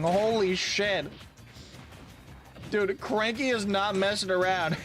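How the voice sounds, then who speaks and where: A young man streaming a game live, excitable and cursing loudly at big plays, talking to his chat. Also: sits high, moderate pace, loud music behind the voice.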